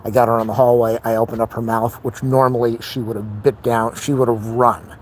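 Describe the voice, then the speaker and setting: A man's voice: medium pitch, little pitch movement, fairly quick, darkish tone, slight background noise. A middle-aged man venting in a rambling, frustrated casual monologue on a live stream.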